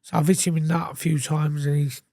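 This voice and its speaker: A man's voice: fairly high pitch, little pitch movement, fairly quick, vocal fry, a little mellow, no echo, clean studio sound. An English man, a podcast guest, telling his story casually with heavy swearing and acted-out quotes. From England. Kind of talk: candid storytelling interview.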